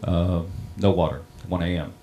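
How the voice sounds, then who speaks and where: A middle-aged man who runs a town water system recounts a personal story in a plain-spoken, halting way. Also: low voice, fairly even intonation, warm tone, a little hiss or hum. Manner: plain-spoken, halting, many ums and restarts. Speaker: water district operator on a panel.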